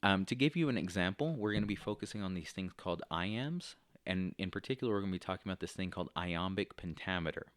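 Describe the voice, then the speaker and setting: A man with a very low voice teaches a class in a recorded lecture. He explains things step by step and often pauses on "uh" and "um". The sound is dry and close, with no room echo. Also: animated. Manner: explanatory, with frequent fillers.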